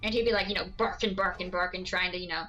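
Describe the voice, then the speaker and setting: A woman's voice: on the low side, steady tone, fast talker, pushed and bright, muffled recording. A woman streamer chatting casually while gaming, rambling and laughing often.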